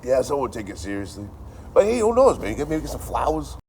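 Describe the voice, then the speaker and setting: A man's voice: medium pitch, very animated, quick pace, a little mellow, slight background noise. A man in his thirties chatting casually on a livestream, with a dry, joking delivery and a lot of swearing. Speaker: livestream host.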